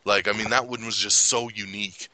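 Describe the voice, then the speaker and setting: An excitable man chatting casually about movies, his voice bright and forceful. He laughs often and jumps up in pitch when he acts out quotes. The sound is dry and close. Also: a little fast, no room sound, rough recording. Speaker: podcast host. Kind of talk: casual movie review chat.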